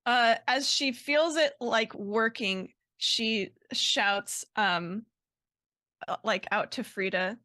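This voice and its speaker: Bright-voiced woman playing a tabletop game. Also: a little high, slow pace, no echo, studio quality. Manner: rambling, filler-heavy, animated. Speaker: player. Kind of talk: casual tabletop game play.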